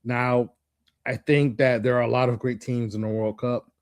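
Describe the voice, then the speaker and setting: A man co-hosts a casual sports talk show, giving his opinions in halting bursts full of restarts. His voice sits at a middle pitch. The sound is close and dry. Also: level tone, dry recording. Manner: halting, many restarts and "you know"s. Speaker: podcast co-host.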